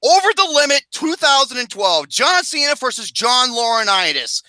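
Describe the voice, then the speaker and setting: A man hosting a casual ranking chat, ranting with plenty of profanity in an animated, exasperated way. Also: very high voice, normal speed, no room sound. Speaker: podcast host.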